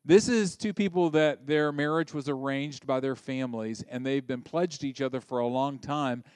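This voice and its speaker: A man preaching a sermon in a conversational, joking way, breaking into loud emphatic bursts. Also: mid-range voice, normal speed, clear, resonant tone, no room sound, clean studio sound. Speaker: pastor.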